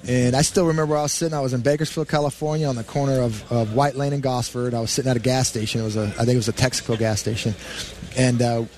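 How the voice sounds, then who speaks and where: A former pro football player in his forties, appearing as a guest in a radio studio, tells rambling anecdotes packed with fillers during a storytelling interview. His medium-pitched voice is steady and a little mellow, and he talks very fast.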